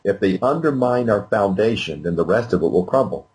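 A man's voice: on the low side, lively intonation, fairly quick, darkish tone, poor audio. An older man, a guest speaker, answering interview questions in an earnest, emphatic way. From United States.

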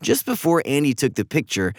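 A man narrating a children's storybook with an expressive, varied delivery. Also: mid-range voice, brisk, dry recording, clean studio sound.

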